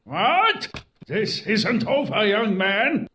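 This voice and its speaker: A man's voice: medium pitch, huge pitch swings, very slow, creaky, sharp tone, a little hiss or hum, exaggerated voice. A man voicing a stern, overbearing father, a lawyer, who bellows and scolds. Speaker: game character. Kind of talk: video game voice acting.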